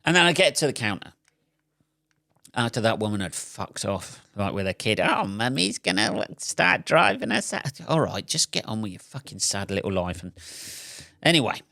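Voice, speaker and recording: A man's voice: fairly low pitch, fairly bright tone, no room sound, studio quality. A man hosting a solo podcast, telling an exasperated, sweary comic story. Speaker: podcast host. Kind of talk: solo comedic rant.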